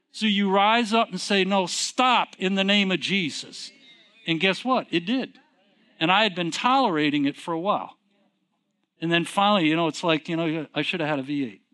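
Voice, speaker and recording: A middle-aged man preaching a sermon in a conversational way, asking the congregation questions and swinging from quiet, low passages to emphatic, raised ones. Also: clear, resonant tone.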